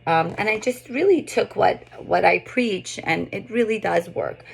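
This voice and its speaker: A woman in her thirties, a speech pathologist, calmly explaining to parents how to read books to toddlers. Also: mid-range voice, measured pace, creaky, slightly rough. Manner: calm explanatory talk with bursts of lively read-aloud demonstration. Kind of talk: explaining tips to parents and therapists.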